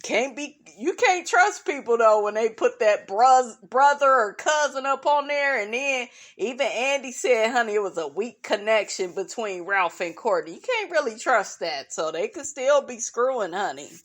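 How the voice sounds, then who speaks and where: A woman's voice: fairly high pitch, lively intonation, normal speed, few pauses. A woman chatting casually about a reality show, gossipy and blunt, laughing often and calling her listeners "honey" and "child.". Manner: blunt and profane. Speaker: reality TV commentary vlogger.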